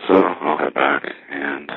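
A man's voice: extremely low pitch, fairly even intonation, slow, breathy edge. A man talking casually in a rambling, dry way while out walking in a windy, cold city. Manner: rambling, dry, with frequent restarts. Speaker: vlogger. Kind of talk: casual walking vlog monologue. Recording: tinny phone-like recording.

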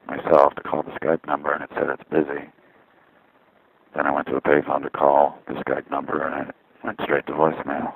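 Brief: deep gravelly man, flat delivery, profane complaining, phone-quality sound. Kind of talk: casual ranting vlog. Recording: tinny lo-fi phone-like audio.

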